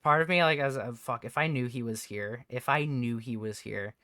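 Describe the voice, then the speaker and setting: Bright, crisp-voiced man rambling on stream. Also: medium pitch, dry recording, clean studio sound. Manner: rambling, halting, swears often. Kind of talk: casual livestream chat. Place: at home with a TV on.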